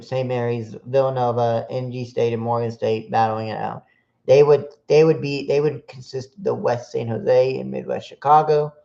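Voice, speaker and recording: A man's voice: mid-range voice, creaky, warm tone. A man hosting a solo sports podcast stream, reading off team matchups with frequent fillers and restarts. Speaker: podcast host. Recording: dull lo-fi sound.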